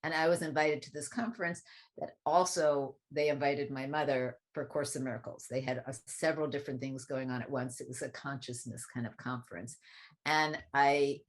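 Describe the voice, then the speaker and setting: A woman with a notably low speaking voice talks through a personal memory in easy conversation. She is reflective and thoughtful, then turns lively whenever she quotes someone else. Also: moderate pace. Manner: reflective, animated when quoting others. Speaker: guest speaker on spiritual teaching. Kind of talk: conversational storytelling.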